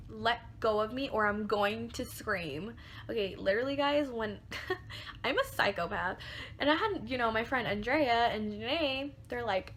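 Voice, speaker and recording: A woman's voice: medium pitch, a bit bright, slight background noise. A young woman telling a personal story to her viewers in a chatty way, full of fillers and casual swearing. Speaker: beauty vlogger. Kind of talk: storytime vlog.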